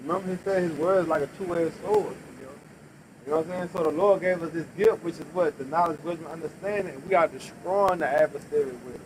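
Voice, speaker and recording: A man's voice: on the high side, fairly quick, low-quality recording. A man leading street preaching, prompting the others and answering his own questions in a call-and-response style. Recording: outdoor street noise, passing traffic.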